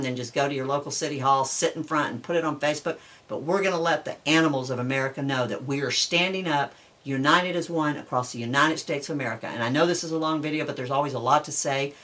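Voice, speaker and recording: Addressing her supporters in an advocacy vlog, this animal welfare advocate sounds earnest and heartfelt as she urges them on. She has a low, fairly bright voice that comes across a little far from the microphone.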